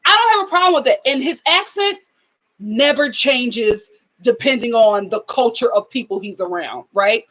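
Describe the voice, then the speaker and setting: A woman hosting a live reality TV aftershow, talking in animated commentary and mimicking people in whiny voices. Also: a little high, moderate pace, muffled recording.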